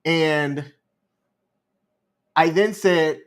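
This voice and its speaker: Calm, higher-pitched man telling a story. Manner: calm, drawn-out storytelling with measured pauses. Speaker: podcast co-host. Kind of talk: casual storytelling chat.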